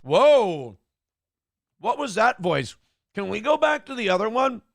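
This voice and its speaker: A man's voice: high voice, expressive, normal speed, gravelly, background noise. A male morning show host giving sarcastic, crude commentary and reading viewer chat aloud. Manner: crude, sarcastic, swears freely. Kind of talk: casual live-stream commentary.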